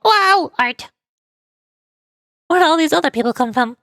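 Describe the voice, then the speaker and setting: A woman's voice: sits high, lively intonation, a little slow, fairly bright tone, no echo, soft background music. A young woman streaming a game, chatting playfully and reading dialogue aloud, often musing in confused asides. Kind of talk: casual gameplay commentary and reading aloud.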